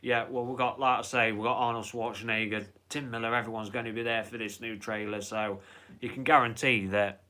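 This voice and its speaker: A man's voice: medium pitch, level tone, a little fast, bright, forceful tone. Chatty man hosting a live stream. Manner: rambling, chatty, swears freely. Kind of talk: casual live-stream chat.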